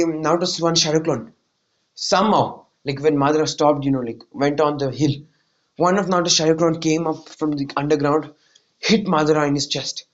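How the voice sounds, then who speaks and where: A man rambles through a casual fan retelling, padding his lines with "like" and "you know" in a voice a little higher than most men. The audio is dull and lo-fi, like a cheap home mic. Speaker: fan storyteller.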